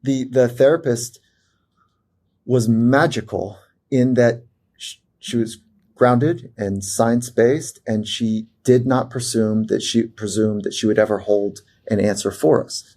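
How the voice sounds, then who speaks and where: A man, a performance psychologist, telling a personal story as a podcast guest in an animated way, with fillers and restarts. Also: medium pitch, slow. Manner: animated storyteller who acts out quoted voices, many fillers and restarts.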